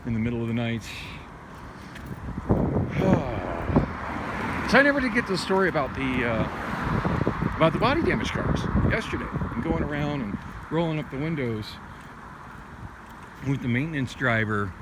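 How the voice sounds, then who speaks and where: A man's voice: mid-range voice, big pitch swings, normal speed, pauses often. Man rambling on a windy night walk. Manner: rambling, many restarts and fillers, candid and profane. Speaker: vlogger. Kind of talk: rambling late-night walking vlog. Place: city street at night, outdoors, walking. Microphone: handheld phone. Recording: windy outdoor phone audio.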